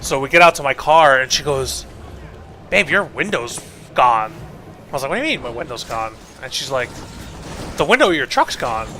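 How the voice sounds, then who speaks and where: A man streams a game while telling a rambling, casual story, swearing freely, leaning hard on "like," and acting out both sides of each exchange. His mid-range voice is sing-song and bright with a forceful tone at a moderate pace, over slight background noise.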